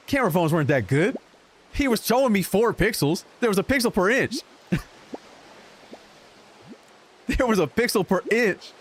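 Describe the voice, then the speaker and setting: Rambling male streamer telling a story. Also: high-pitched. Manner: animated, rambling, self-interrupting. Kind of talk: casual storytelling while gaming. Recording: music playing in the background.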